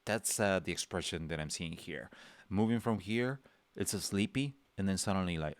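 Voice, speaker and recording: A man's voice: deep voice, moderate pace, no room sound. A man leading a livestream drawing lesson, rambling and chatty with many fillers and restarts, acting out little reactions. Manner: acts out characters' reactions with small voices. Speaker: drawing instructor.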